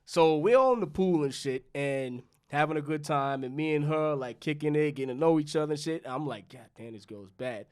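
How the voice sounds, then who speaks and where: A man's voice: fairly high pitch, a little fast, few pauses, clean tone. A young man from New York, a podcast co-host, telling a loose, profane story in casual chat and acting out both sides of the dialogue. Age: young adult.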